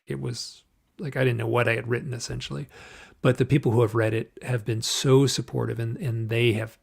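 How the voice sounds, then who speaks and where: A man's voice: mid-range voice, vocal fry, husky. A man as an author guest in a casual interview, rambling and searching for words over a video call.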